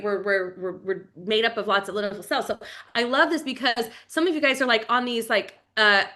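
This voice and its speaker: A woman in her forties giving a fast, enthusiastic, chatty live-stream sales pitch for wellness products. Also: sharp tone. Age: 40s.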